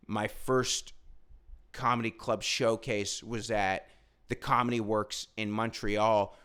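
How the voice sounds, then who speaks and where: A stand-up comedian tells a rambling story in a loose, casual way, swearing freely and getting animated as he goes. His voice is smooth and crisp, with a forceful, bright edge. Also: lowish voice.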